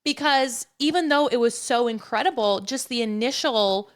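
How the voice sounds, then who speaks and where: A woman hosting a podcast, candid and chatty, with casual swearing in relaxed conversation. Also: on the high side, normal speed. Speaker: podcast host.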